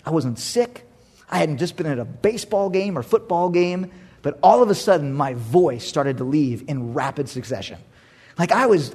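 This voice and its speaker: A pastor animatedly tells a personal story during his sermon, swinging from loud exclamations to hushed asides and laughing often. His voice is fairly high and husky.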